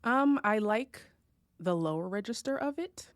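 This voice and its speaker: A woman's voice: medium pitch, expressive, unhurried, dry recording. Giggly woman, kinda self-conscious, dry close sound. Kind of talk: casual chat.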